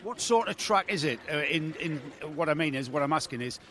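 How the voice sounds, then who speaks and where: A man's voice: on the high side, animated, fairly quick, a bit bright, slight background noise. A man presenting live from a race track, chatty and enthusiastic with rambling questions. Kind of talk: live pit-lane interview.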